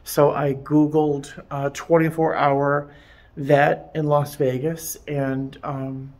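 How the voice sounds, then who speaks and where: Gravelly, slow-talking distraught man. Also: on the high side, level tone, a little mellow. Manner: halting, rambling with many restarts. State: upset, close to tears. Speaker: vlogger. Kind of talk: emotional personal vlog. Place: veterinary clinic.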